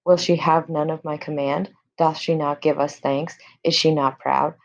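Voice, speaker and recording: A woman's voice: low-pitched, flat delivery, moderate pace, creaky. A woman reading aloud the lines of an angry, domineering noble father in a plain voice.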